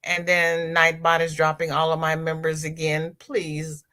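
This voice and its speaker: A woman's voice: deep voice, monotone, unhurried, pushed and bright. A woman with a Southern American accent hosting a casual crochet livestream, chatting, repeating herself and greeting viewers by name. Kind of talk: casual livestream chat reading comments.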